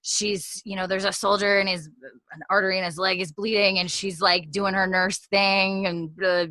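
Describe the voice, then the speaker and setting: A woman's voice: mid-range voice, little pitch movement, normal speed, bright, forceful tone, no room sound. A young woman co-hosting a podcast, recapping a TV episode in a rambling, chatty way with frequent laughs. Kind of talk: casual chat.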